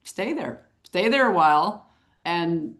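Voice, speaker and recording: Middle-aged woman, kinda low voice, chatty animated storyteller in an interview, chuckles a lot. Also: slow. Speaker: photographer and author, interview guest.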